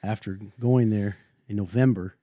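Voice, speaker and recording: Hoarse, drowsy man clearing his throat. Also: lowish voice, steady tone, moderate pace, dark tone, dry recording. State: hoarse from a sinus illness. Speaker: podcast co-host. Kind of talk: casual chat.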